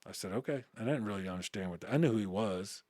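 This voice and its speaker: A man's voice: lowish voice, quick pace, a little mellow, no echo, studio quality. A middle-aged man telling a story in an interview, acting out the dialogue and cussing casually. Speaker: interview guest.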